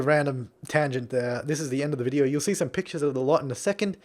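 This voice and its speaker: A man's voice: medium pitch, fast talker, a little mellow. Rambling young man. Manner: rambling, chatty, goes off on tangents. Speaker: YouTuber. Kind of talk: casual gameplay commentary.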